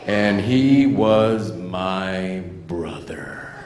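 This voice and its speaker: Animated male speaker in an echoey hall. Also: low-pitched, drawn-out words, music in the background, crowd noise. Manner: animated, playful, acts out sound effects. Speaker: motivational speaker. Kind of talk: storytelling speech to students. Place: large school hall. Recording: echoey hall with faint room noise.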